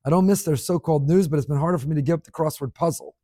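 A middle-aged man teaching a Torah class, sharing listener emails with animated emphasis and Hebrew words woven in. His voice sits fairly high but sounds mellow and dark. The recording is dry and close. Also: rapid-fire, dry recording.

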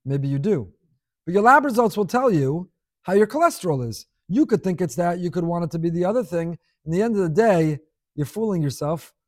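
A man giving a sermon to a room, animated, asking rhetorical questions and repeating phrases for emphasis. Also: high voice, fairly quick, no echo, studio quality. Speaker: rabbi giving a class. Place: room with an audience.

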